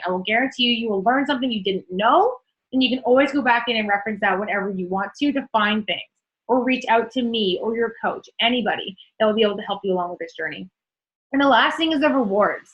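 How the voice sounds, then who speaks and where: Chatty energetic young woman coach. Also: on the high side, highs cut off. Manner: energetic, chatty, swears casually. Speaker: fitness coach. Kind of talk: casual motivational talk on a group call.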